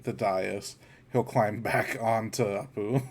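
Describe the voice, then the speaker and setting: A man's voice: fairly low pitch, slight background noise. A man narrating his character's actions in a tabletop game, laughing often. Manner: slow, lively, laughing often.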